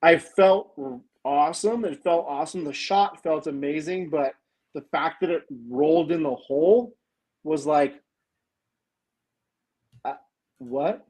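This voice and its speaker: A man guest on a golf talk stream, telling a story in an excited, rambling way full of fillers. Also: on the high side, takes it slowly, pauses often, low-quality recording. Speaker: guest golfer. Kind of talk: casual chat, storytelling. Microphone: remote stream mic.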